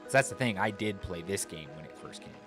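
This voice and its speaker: A man's voice: deep voice, animated, quick pace. A man chatting casually while streaming a video game, rambling and hesitant as he talks to his chat. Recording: loud game music behind. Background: game music.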